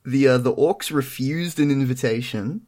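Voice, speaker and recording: A man's voice: medium pitch, moderate pace, a little mellow. A young man telling stories in a casual chat, dry and self-mocking. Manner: dry, self-deprecating storytelling. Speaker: podcast co-host.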